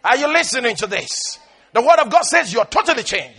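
A man with a very high, bright and somewhat husky voice delivers a sermon as a pastor. His pitch swings widely as he drags words out for emphasis and then bursts into shouts. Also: sing-song, brisk.

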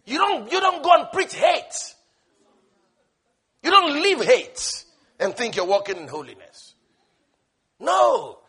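High bright-voiced shouting preacher man. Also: very animated, slow, long pauses, breathy edge. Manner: passionate, swings from shouting to hushed; repetitive, emphatic. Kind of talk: sermon.

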